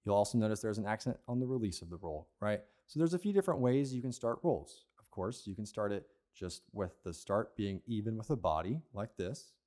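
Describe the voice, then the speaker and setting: A man's voice: on the low side, expressive, a little fast, hardly any pauses, very noisy. A man teaching an advanced percussion lesson, explaining patiently and checking in with "okay?" and "right?" as he goes. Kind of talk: instructional lesson.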